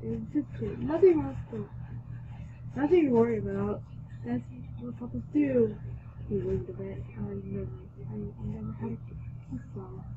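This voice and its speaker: Woman reading fanfic out loud, trips over words a lot, kinda high voice, muffled lo-fi mic. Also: background noise. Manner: halting, with restarts and self-corrections. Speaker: fanfic reader and video host. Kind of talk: reading a fan story aloud. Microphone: built-in or cheap mic, not a headset. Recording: dull lo-fi home recording.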